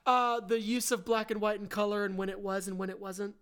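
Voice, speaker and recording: A woman's voice: mid-range voice, little pitch movement, brisk, a bit bright, smooth. Woman, podcast co-host, casual film chat, candid, self-correcting.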